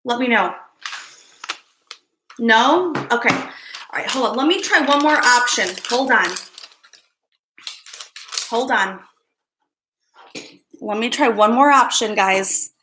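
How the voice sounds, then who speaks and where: A woman's voice: fairly high pitch, background noise. Breathless woman hosting a livestream. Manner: halting, repeats herself, checks on viewers. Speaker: psychic livestream host. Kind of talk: casual livestream chat.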